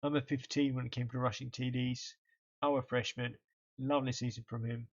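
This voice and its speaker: On a college football game stream, a yawning, tired man chats casually as he goes over the stats. He speaks at a moderate pace in a flat, mid-range voice, and the recording has its highs cut off.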